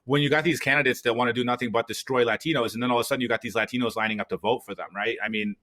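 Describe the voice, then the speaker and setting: A man from the US East Coast co-hosting a political podcast, animated in casual talk and acting out people's voices in his stories. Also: medium pitch, rapid-fire. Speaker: podcast co-host.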